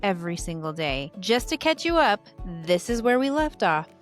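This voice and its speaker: A woman's voice: medium pitch, very animated, faint music behind. A woman in her thirties hosting a podcast, talking earnestly and with feeling about motherhood and illness. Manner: earnest and emotional, quick bursts. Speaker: podcast host. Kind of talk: conversational podcast talk.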